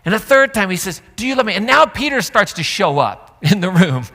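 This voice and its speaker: A male pastor preaching a sermon in an animated, conversational way, with jokes along the way. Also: sits high, moderate pace. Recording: reverberant church sanctuary.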